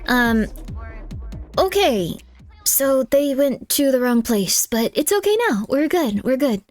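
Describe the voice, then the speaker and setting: A woman streaming from home, chatting casually with her viewers, reading their messages aloud and cooing softly to her cat. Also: high voice, expressive, takes it slowly, faint music behind. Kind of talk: casual live-stream chat. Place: home room.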